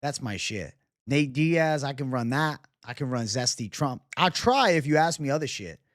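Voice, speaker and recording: A man's voice: mid-range voice, expressive, moderate pace, no room sound, studio quality. A man hosting a casual live chat, bantering loosely and profanely with viewers. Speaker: livestream host.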